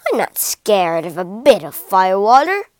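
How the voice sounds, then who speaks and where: A woman doing a proud hippopotamus from a storybook, loud and sure of himself, his voice pitched a little low. It is recorded close and dry. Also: sing-song, measured pace, no echo. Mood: boastful. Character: proud, bragging male hippopotamus.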